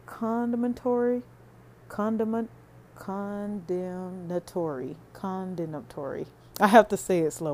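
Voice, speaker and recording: A woman's voice: fairly low pitch, dark tone. Earnest woman preaching to listeners. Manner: earnest, preachy, conversational, addresses listeners as y'all. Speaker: podcast host. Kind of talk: faith podcast monologue.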